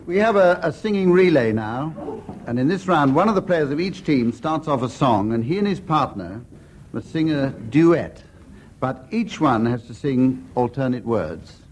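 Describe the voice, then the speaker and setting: A man chairing a radio comedy panel show in a dry, deadpan quizmaster manner. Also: medium pitch, normal speed. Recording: noisy 1970s radio broadcast.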